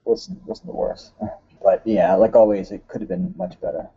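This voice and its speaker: A man hosting a casual podcast, rambling with lots of "uh"s and quick laughs. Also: sits low, fairly even intonation, slightly rough, dull audio. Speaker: podcast host. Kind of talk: casual chat.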